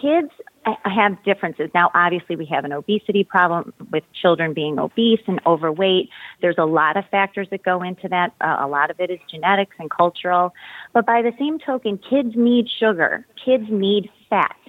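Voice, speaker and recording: A woman's voice: on the low side, normal speed, no room sound. A woman in her forties, a mother, in emphatic casual chat full of "you know". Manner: chatty, emphatic, many fillers like "you know". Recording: dry tinny phone-like sound.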